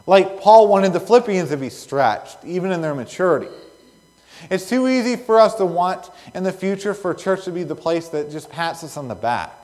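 A male pastor delivers an earnest sermon, his slightly high voice climbing and dropping with lively emphasis. He pauses between phrases and leans on key words. The sound carries a long reverb from a large church hall. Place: church sanctuary.

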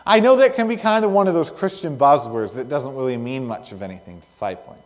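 A man preaching a sermon as pastor, earnest, with pauses and swells of emphasis between phrases. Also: medium pitch, big pitch swings. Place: church sanctuary. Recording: long reverb of a church hall.

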